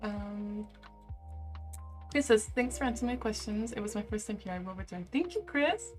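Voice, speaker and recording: A young woman in her twenties, a live-streamer, chatting casually and reading out viewer comments in an animated way. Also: medium pitch, normal speed, faint music behind. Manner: chatty and animated, heavy use of "like".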